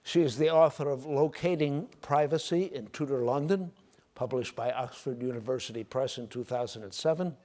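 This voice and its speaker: A man moderating a panel, reading a formal introduction of the next speaker in a measured way. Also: mid-range voice, warm tone.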